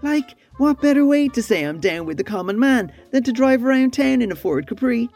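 A woman's voice: fairly high pitch, lively intonation, fairly quick, darkish tone, faint music behind. A woman voicing a posh young male rich kid who wants to seem common, in a comedy radio sketch, with a drawling slangy manner. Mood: smug.

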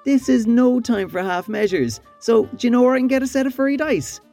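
A woman's voice: a little high, lively intonation, brisk, warm tone, soft background music. A woman voicing a posh young male rich kid who wants to seem common, in a comedy radio sketch, with a drawling slangy manner. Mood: smug.

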